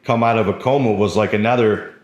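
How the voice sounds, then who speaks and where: A man's voice: on the low side, fairly even intonation, quick pace, dull audio. A young man telling his own story in a casual, rambling way, full of fillers and swearing. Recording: roomy echo.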